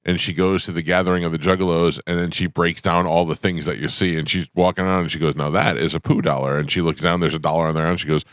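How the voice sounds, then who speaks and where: A man's voice: deep voice, flat delivery, quick pace, few pauses, dry recording, studio quality. A middle-aged man hosting a radio show, rambling through stories in casual banter with his co-hosts. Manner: rambling storyteller, laughs easily. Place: radio studio. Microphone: studio microphone.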